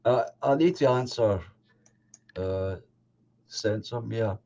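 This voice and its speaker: A man's voice: on the low side, slow pace, a little mellow. A man with a Scottish accent hosting a live stream, chatting easily and greeting viewers in the chat. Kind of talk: casual chat. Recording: dull lo-fi audio.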